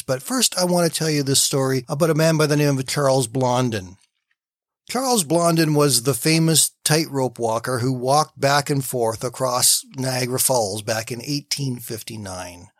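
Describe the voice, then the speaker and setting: A man hosting a short morning devotional, telling stories and reading scripture aloud with gentle emphasis. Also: medium pitch, dry recording, studio quality. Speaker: devotional radio host.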